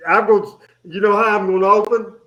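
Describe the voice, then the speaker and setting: A man hosting a radio show in casual studio chat, energetic and rambling, with many fillers and restarts. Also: high-pitched, quick pace, highs cut off.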